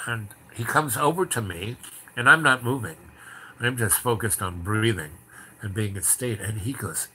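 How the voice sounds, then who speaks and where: A man casually telling a rambling anecdote with animated restarts. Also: on the low side, moderate pace, slight background noise. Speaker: storyteller.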